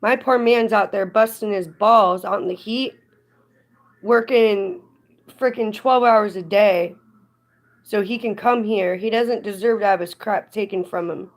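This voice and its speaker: A woman's voice: mid-range voice, measured pace. A woman chatting casually on a live stream, rambling and getting indignant at times. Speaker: livestreamer.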